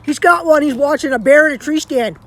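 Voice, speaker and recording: A woman's voice: high-pitched, brisk, a bit bright. A Canadian woman chatting casually on a live stream from home, rambling and restarting her sentences as she talks into her phone.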